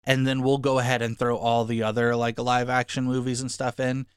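Smooth-voiced man in casual review chat. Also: medium pitch, level tone, a little fast, dry recording, studio quality. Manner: rambling, frank, mocking. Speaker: podcast co-host.

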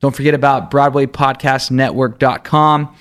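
A man's voice: mid-range voice, fairly even intonation, normal speed, fairly bright tone. Upbeat male podcast host. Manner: upbeat, promotional. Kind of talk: casual chat and scripted sign-off.

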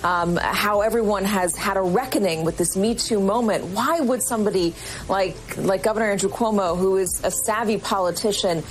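Woman news reporter, brisk broadcast commentary, mid pitch. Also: rough recording.

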